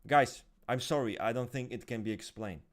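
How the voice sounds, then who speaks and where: A man's voice: mid-range voice, normal speed. A man in casual chat about his own personality, emphatic and profane, often restarting his sentences.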